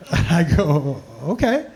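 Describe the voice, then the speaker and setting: A male comedian telling profane stories at a live Q&A, animated and laughing often. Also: on the high side, drawn-out words. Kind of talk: storytelling in a live Q&A.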